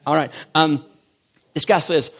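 A man's voice: a little high, a little slow, fairly bright tone. A man preaching a sermon in a folksy, joking way, often stumbling and restarting his phrases. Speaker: pastor.

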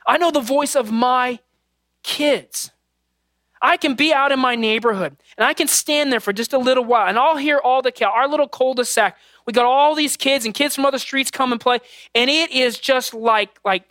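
A man's voice: very high voice, a bit bright, dry recording, studio quality. A man in his thirties preaching a sermon, earnest and conversational, mixing scripture with personal family stories. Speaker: pastor.

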